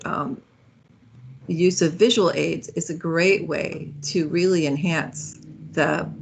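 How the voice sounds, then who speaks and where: Woman giving a talk over a video call, kinda gravelly, chatty with lots of ums. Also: lowish voice. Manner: conversational, with self-corrections and fillers. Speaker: guest speaker. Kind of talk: speaker-series talk.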